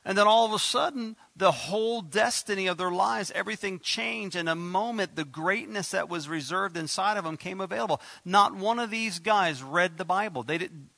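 A man preaching a sermon as pastor, emphatic, with sudden loud bursts and quick asides. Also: sits high, creaky, no echo.

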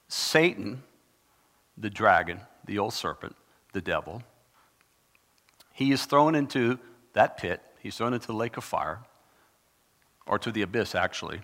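A man preaching a sermon in a dramatic, conversational way, with sudden bursts of loud emphasis. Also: lowish voice, expressive, unhurried, long pauses. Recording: long reverb of a large hall.

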